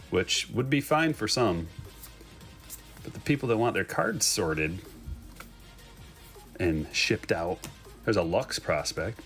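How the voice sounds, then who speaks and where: A man hosting a card break, chatting casually and excitedly as he opens packs and jokes with viewers. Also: low voice. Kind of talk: casual live commentary while opening packs.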